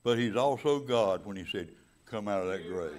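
In an expressive delivery, a male preacher lets his voice fall soft and low, then swells to loud, emphatic high points. He lingers slowly on important words and adds casual comments aimed at the congregation.

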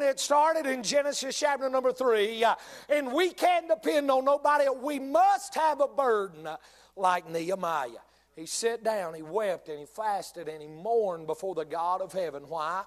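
High-voiced Southern preacher. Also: male voice, measured pace. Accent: North Carolina Southern. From North Carolina. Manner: preacherly, repeats lines for emphasis, addresses congregation directly. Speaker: pastor. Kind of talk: sermon.

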